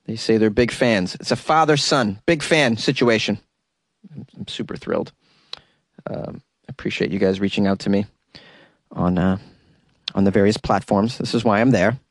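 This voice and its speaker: A man's voice: fairly low pitch, normal speed, pauses often, no room sound. A man hosting a podcast in a casual, comedic commentary style, sarcastic and mock-enthusiastic, chuckling as he talks. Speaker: podcast host.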